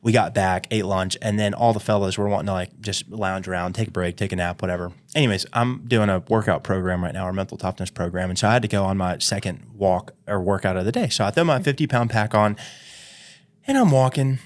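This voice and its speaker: A man's voice: fairly low pitch, fairly quick. Rambling man telling a story on a podcast. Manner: rambling, filler-heavy storytelling with frequent "anyways". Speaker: podcast co-host and dog trainer. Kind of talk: casual storytelling chat.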